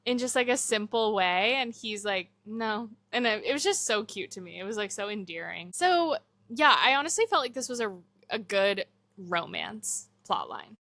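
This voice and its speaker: A woman's voice: medium pitch, big pitch swings, normal speed, pushed and bright, no room sound, clean studio sound. A young woman cohosting a podcast, chatting casually about a movie and quoting its characters.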